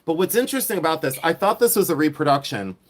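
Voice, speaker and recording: A man from Ohio hosting a live reseller stream, showing his finds and chatting with viewers in an excitable, repetitive, teasing way. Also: fairly high pitch, fast talker. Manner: excitable, chatty, repeats himself, teases viewers. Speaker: reseller livestream host. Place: outdoors in the heat.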